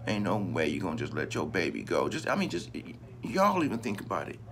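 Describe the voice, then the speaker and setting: A man's voice: low voice, huge pitch swings, fast, fairly bright tone, a little hiss or hum. A man vlogging in a casual, profane rant, repeating himself for emphasis and talking straight to his viewers. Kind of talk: casual ranting commentary to camera.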